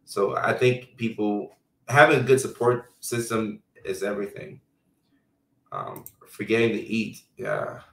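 Low-voiced man chatting in a roomy space. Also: gravelly, fairly bright tone. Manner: loose and chatty, lots of fillers. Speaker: health care provider hosting a live stream. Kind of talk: casual live stream, reading viewer comments. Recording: roomy sound from a distant mic.

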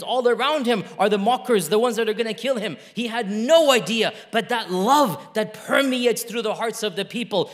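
Male preacher, high voice, impassioned sermon, repeats phrases, loud then hushed. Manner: impassioned, rising to loud emphasis and dropping to hushed lines.

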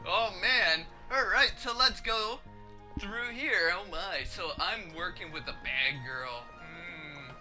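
Bright, goofy gaming commentator man. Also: high voice, takes it slowly, soft background music. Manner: jokey, goofy. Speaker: let's play host. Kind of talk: casual gameplay commentary.

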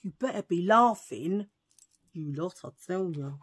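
Chatty woman with a husky voice. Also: on the low side, animated, a little slow. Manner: rambling, chatty, self-mocking. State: tired from poor sleep. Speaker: vlogger. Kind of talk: casual chat to camera.

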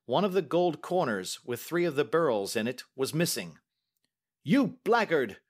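A man narrating a story for English learners at a measured, deliberate pace. His voice sits at an ordinary middle pitch. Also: expressive. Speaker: story reader.

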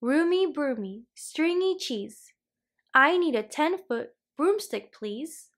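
A woman's voice: sits high, slow, voice pushed up, exaggerated voice. A woman doing a cheerful little witch girl. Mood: chanting spells. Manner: bright, excited spell chanting.

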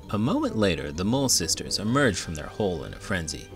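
An animated man reads a children's picture book aloud, his low voice rising and dipping in wide swings. He tells the story with playful energy, and faint music plays behind him. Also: fast talker, few pauses. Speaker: elementary school teacher reading aloud.

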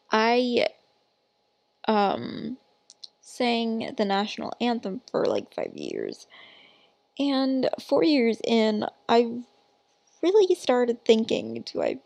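A woman's voice: on the high side, wildly swooping pitch, very slow, gravelly, pauses often, darkish tone, dry recording. A woman who runs a gaming channel, giving casual commentary over gameplay in a chatty, rambling way with lots of fillers and some sassy asides to her game character. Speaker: gaming YouTuber.

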